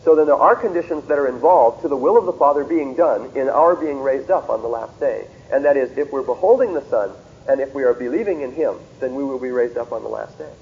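A man's voice: medium pitch, fast, creaky, phone-quality sound. A man lecturing methodically on Bible verses, reading scripture aloud with emphasis and checking in with rhetorical questions. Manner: asks rhetorical checks like "See?" and "Okay?". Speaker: lecturer on theology.

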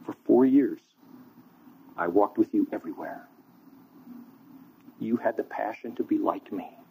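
A man voicing a gentle rabbi speaking softly and tenderly to a disciple. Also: lowish voice, unhurried, gravelly, slight background noise. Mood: hurt. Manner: soft, tender, pleading. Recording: tinny phone-like line.

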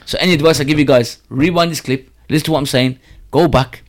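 A man's voice: on the high side, fairly even intonation, quick pace. A man telling a story and giving advice in an emphatic, repetitive way, full of street slang.

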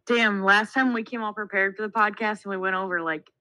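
A woman's voice: mid-range voice, steady tone, a little fast, sharp tone, no room sound, low-quality recording. A young woman co-hosting a podcast, chatty and telling family stories with lots of fillers. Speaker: podcast co-host. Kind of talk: casual chat.

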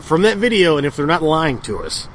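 A man with a fairly high, very lively voice jokes and teases his way through a motorcycle podcast. Clear traffic and car noise sit behind the recording. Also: a little fast. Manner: animated, joking, teasing. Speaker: podcast co-host. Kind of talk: casual motorcycle chat.

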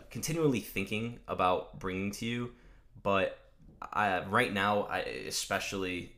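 A man hosting a podcast, giving a loose, energetic motivational monologue and swearing casually. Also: low-pitched. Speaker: podcast host.

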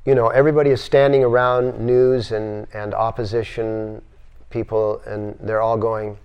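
An older man giving a spiritual lecture to a class in a yoga center, animated and acting out voices as he repeats his phrases. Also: fairly low pitch, moderate pace, clear, resonant tone, muffled recording.

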